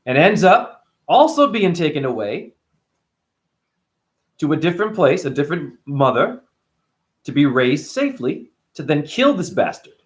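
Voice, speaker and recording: Male host, animated, profane, rhetorical questions, swooping pitch. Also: unhurried, long pauses. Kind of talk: casual spiritual monologue.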